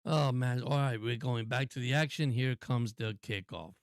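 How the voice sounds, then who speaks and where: A man calling a football game play-by-play for a live stream in a casual, excitable, chatty way. His voice is mid-pitched and dry, close to the mic. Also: moderate pace, no room sound. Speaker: sports stream host.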